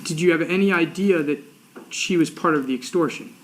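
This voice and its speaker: A man with a slightly higher voice questions a witness in court. He keeps his prompts short and plain. Faint hiss sits under the recording. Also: a little fast, a bit bright. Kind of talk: courtroom direct examination.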